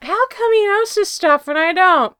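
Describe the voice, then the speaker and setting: A woman voicing an excitable young father in a storybook reading, loud and indignant, his voice jumping upward. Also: very high voice, normal speed, no room sound, clean studio sound, voice pushed up.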